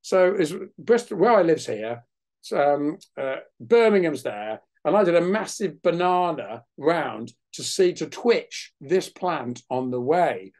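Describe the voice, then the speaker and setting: A man speaking over a video call, his voice sitting a little high for a man. He tells his story in a lively, animated way and throws himself into the voices of the people in it. The tone is casual, like a guest chatting in an online interview. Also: slow. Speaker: guest naturalist. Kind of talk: anecdotal storytelling in a webinar interview.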